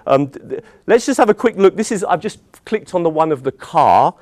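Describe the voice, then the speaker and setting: A man's voice: fairly high pitch, very animated, a little fast, darkish tone, no room sound. A British man, a teacher trainer, giving an enthusiastic conference presentation as he shows websites on screen. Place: conference room.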